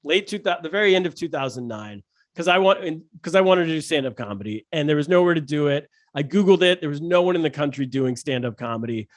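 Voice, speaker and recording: A man, a stand-up comedian, telling animated, jokey stories as a podcast guest, with many restarts. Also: a little high, quick pace, dry recording, clean studio sound. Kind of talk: casual podcast storytelling.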